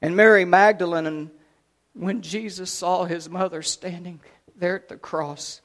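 A man preaching a sermon, retelling a scripture story dramatically, swinging between loud and hushed delivery. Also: sits high, fairly even intonation, unhurried.

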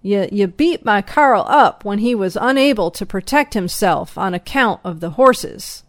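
A woman voicing a squeaky, furious old man who chews tobacco and blusters as he shouts. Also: expressive, unhurried, no room sound, natural voice. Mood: gasping angry.

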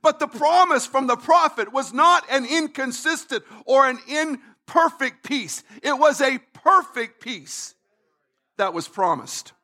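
A man pastor preaching a sermon, emphatic, repeating phrases and building to shouts. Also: high-pitched.

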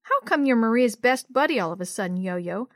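A woman's voice: on the high side, animated, brisk, dry recording, studio quality, natural voice. A woman voicing a teasing, nosy older brother in a storybook, needling his sisters.

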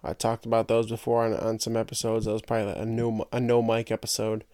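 A man's voice: lowish voice, monotone, fast talker, mellow, dry recording, clean studio sound. A young man hosting a podcast, rambling and joking in casual solo chat and tripping over his own words. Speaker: podcast host.

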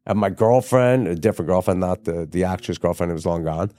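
In a casual interview, a middle-aged TV writer and producer appearing as a guest spins a long, rambling story, swearing freely and voicing the people he quotes. His voice is low-pitched, brisk, and mellow, recorded cleanly in a studio with no room sound.

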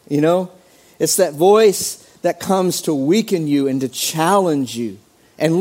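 A man preaching a sermon as pastor, animated, acting out quoted voices with sudden jumps in pitch. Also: measured pace.

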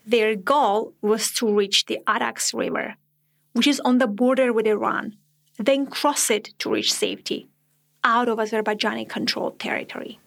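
A woman hosting a podcast, telling a true story in measured, reflective scripted narration. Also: on the high side, steady tone, vocal fry, fairly bright tone.

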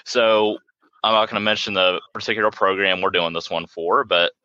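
Brief: man, podcast co-host, low bright voice, slightly dull lo-fi sound. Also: steady tone, normal speed, no room sound. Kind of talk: casual chat.

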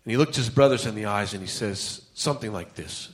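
A man's voice: mid-range voice, animated, brisk, hardly any pauses. A male pastor preaching a conversational sermon, telling Bible stories and acting out the characters' lines. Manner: conversational storytelling, acts out quotes.

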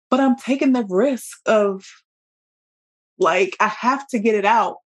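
A woman's voice: medium pitch, slightly rough. A woman hosting a motivational podcast, talking heartfelt and emotional, calling her listeners y'all as she coaches them. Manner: heartfelt, emotional, slow deliberate emphasis. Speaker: podcast host and business coach.

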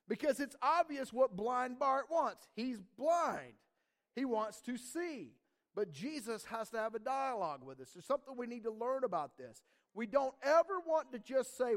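Male pastor, sermon, animated, casual slang, high voice, very expressive. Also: normal speed.

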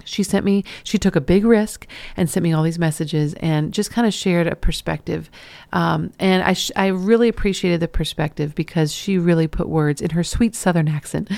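Female podcast host, lowish voice, earnest encouraging monologue with restarts. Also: gravelly, a little mellow, no room sound.

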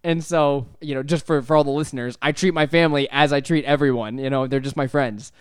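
A young man hosting a casual podcast, telling stories with lots of laughs and animated voices. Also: medium pitch, fast, clean tone, no room sound, studio quality. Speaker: podcast host. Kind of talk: casual chat. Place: apartment.

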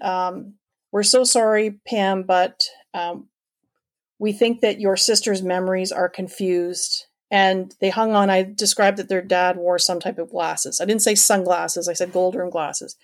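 A middle-aged woman from Canada, talking at a middling pitch. She tells her own story in an earnest, emotional way, with lots of ums and restarts. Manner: earnest, emotional, rambling with many fillers. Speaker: guest telling her adoption search story. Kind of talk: personal storytelling in conversation.

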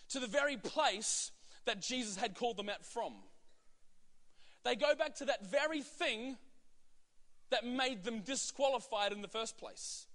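Male preacher, high and bright-toned, emphatic, posing rhetorical questions. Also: long reverb tail. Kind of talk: sermon.

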